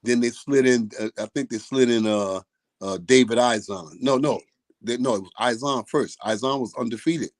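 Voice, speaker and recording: A man's voice: mid-range voice, normal speed. An older man, a boxing trainer, telling a profane story and acting out the quoted voices. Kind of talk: casual storytelling.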